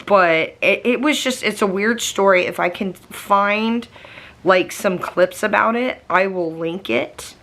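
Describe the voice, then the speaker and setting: A woman's voice: mid-range voice, takes it slowly, a bit bright. A woman vlogger chatting casually to camera at home, rambling with lots of fillers while getting over a migraine. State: recovering from a migraine.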